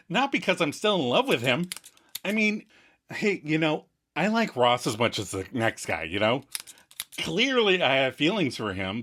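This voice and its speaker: A man's voice: fairly bright tone, slight background noise. A man voicing a flustered young woman in denial about her feelings, rambling in a raised voice. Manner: rambling, squeaky high pitch.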